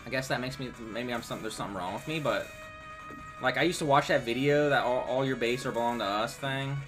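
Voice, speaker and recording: A man's voice: mid-range voice, fairly quick. A man chatting casually while streaming games, rambling and swearing in a laid-back way. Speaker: game streamer. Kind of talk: casual live-stream chat. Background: game music.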